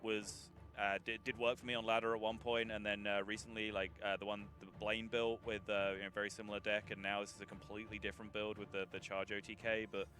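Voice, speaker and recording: A man casting a card game tournament live, chatty and quick to laugh. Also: fairly low pitch, flat delivery, bright, forceful tone, soft background music. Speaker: esports caster. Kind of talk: live esports commentary.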